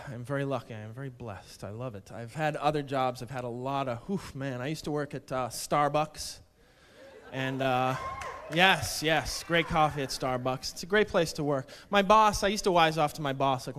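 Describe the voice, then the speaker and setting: A stand-up comedian on a club stage, delivering sarcastic, mock-indignant rants into a handheld mic. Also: male voice, medium pitch, a bit bright. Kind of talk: stand-up set.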